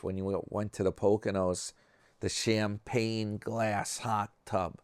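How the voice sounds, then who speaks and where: Man, vlog host, casual chat, smooth voice, reading comments aloud. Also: lowish voice, little pitch movement, measured pace, no echo. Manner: chatty, wry, reads comments aloud.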